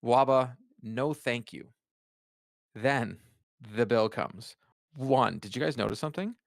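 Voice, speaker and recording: A man's voice: mid-range voice, measured pace, gravelly, no echo, clean studio sound. A man with a Boston accent, co-hosting a podcast and telling rambling stories in casual chat. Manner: rambling storyteller with many restarts. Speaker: podcast co-host.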